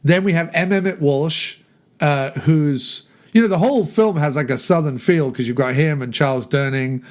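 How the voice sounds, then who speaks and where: Chatty man, slightly high voice. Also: moderate pace. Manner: chatty, digressive, laughs at his own jokes. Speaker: podcast film discussion guest. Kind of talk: casual film chat.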